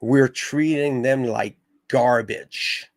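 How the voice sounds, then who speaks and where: A man hosts a podcast and argues hotly in casual conversation, peppering it with profanity and stumbling restarts. His mid-range voice comes through in clean studio sound with no room noise.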